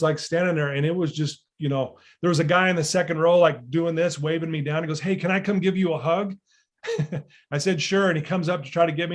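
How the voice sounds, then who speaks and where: Earnest storytelling man, fairly high voice. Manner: earnest, builds to emphatic peaks, frequent fillers. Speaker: motivational speaker. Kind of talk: storytelling talk to an audience.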